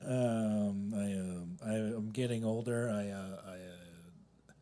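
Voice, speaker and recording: A man in his thirties doing a self-deprecating open mic stand-up set in a coffee house, swinging between loud punchlines and mumbled asides. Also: fairly low pitch, fairly even intonation, takes it slowly. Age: 30s. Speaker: stand-up comedian.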